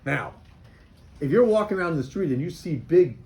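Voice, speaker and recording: A man's voice: a little high, lively intonation, normal speed, darkish tone. A man, a rabbi, teaching a class of boys and telling them a story, often repeating himself.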